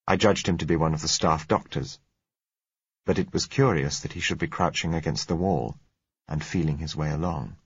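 A man narrating a novel in the first person, measured and understated. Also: extremely low pitch, breathy edge, no echo. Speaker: audiobook narrator. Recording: dull, dry lo-fi recording.

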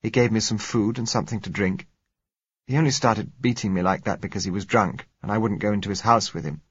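A man's voice: fairly low pitch, a little fast, slightly rough, no room sound, muffled recording. Spirited young woman, read by a male narrator, raised voice, dry and close. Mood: rueful. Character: young woman, spirited, shaken but wry.

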